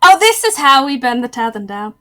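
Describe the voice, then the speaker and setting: A high, bright-voiced woman describes her character's moves in a tabletop game. She talks calmly, with a faint hiss behind her. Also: a little fast. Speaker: player.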